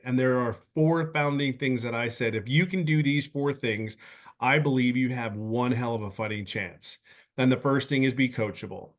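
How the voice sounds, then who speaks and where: A man in his fifties tells his story with earnest conviction, often stopping and restarting his sentences. His voice sits at an ordinary middle pitch. He speaks over a video call. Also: normal speed. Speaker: webinar guest speaker. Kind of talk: personal testimonial talk.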